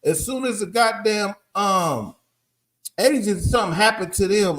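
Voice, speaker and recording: Teaching a group in a blunt, profane street-preaching style, a man keeps asking "you understand?" to check that listeners follow. His high voice is expressive and emphatic, and his pace is a little slow.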